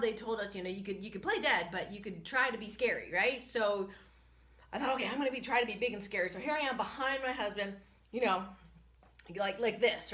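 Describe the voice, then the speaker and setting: A woman hosting a spiritual medicine vlog, telling a story in an animated, chatty way with many fillers, talking to a camera she holds herself. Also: medium pitch. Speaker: host and spiritual medicine practitioner. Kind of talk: casual storytelling.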